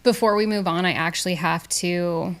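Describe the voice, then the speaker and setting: Chatty young woman podcaster, slightly low voice. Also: fairly even intonation, normal speed. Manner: chatty, candid, swears freely. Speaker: podcast host. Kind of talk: casual storytelling monologue. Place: small home studio.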